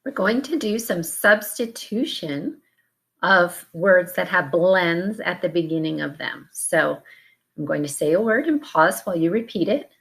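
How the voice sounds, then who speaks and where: A woman teacher leading a phonics drill, giving slow, deliberate, clearly enunciated prompts for children to repeat. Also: fairly low pitch, expressive, fairly bright tone.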